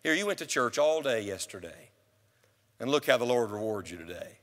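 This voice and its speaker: A sly male devil murmurs mocking insinuations, put on by a preacher. The voice sits a little lower and quieter than the preaching around it, and the church's long reverb hangs on every word. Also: sing-song, a little fast, natural voice. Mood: taunting.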